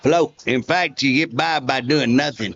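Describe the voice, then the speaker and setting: A man's voice: mid-range voice, measured pace, fairly bright tone, lo-fi sound. A man, a state representative telling folksy stories in a casual interview and chuckling often.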